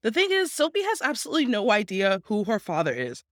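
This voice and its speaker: A woman's voice: mid-range voice, wildly swooping pitch, fast talker, no room sound, clean studio sound. A young woman co-hosting a podcast, chatting casually in a bubbly, giggly way. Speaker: podcast co-host. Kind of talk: casual chat.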